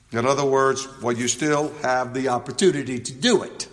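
Emphatic preacher in a reverberant hall. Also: male voice, medium pitch. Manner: emphatic, swings from quiet reflection to loud drawn-out scripture reading. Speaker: pastor. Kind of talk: expository sermon.

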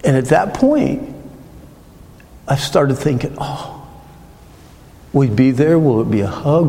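Gravelly middle-aged preacher in a hall. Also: male voice, medium pitch, very animated, mellow. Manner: earnest, emotional, halting storytelling. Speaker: pastor. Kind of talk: sermon with personal testimony. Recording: long reverb of a large hall.

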